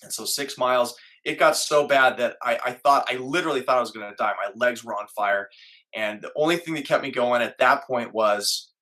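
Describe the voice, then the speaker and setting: A middle-aged man recounts a hard personal story as an interview guest. His voice is bright and a little tense, and he speaks earnestly, acting out the thoughts he had at the time. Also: mid-range voice. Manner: earnest, acts out his own inner voice.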